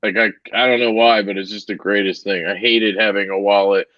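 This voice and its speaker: A man's voice: fairly low pitch, little pitch movement, a little fast, dry recording. Casual swearing podcast guy, dry dull mic. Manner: loose, swearing, joking. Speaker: podcast co-host.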